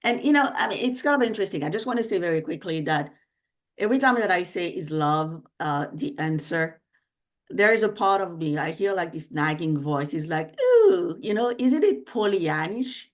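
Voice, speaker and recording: A woman's voice: sits low, fairly quick. A woman moderating a panel discussion, speaking with searching phrasing and frequent fillers.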